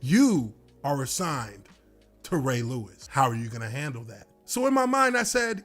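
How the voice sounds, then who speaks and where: A man's voice: medium pitch, moderate pace. A former pro football lineman telling a dramatic game story in a casual way, with a bit of swearing. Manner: animated, dramatic retelling with casual profanity. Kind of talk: storytelling anecdote. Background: faint music.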